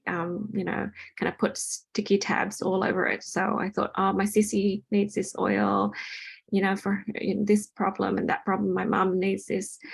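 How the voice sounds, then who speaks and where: A woman's voice: medium pitch, creaky. A woman hosting a casual home chat, talking loosely with lots of ums and restarts. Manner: chatty, many ums and restarts. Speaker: host. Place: home with a party in another room.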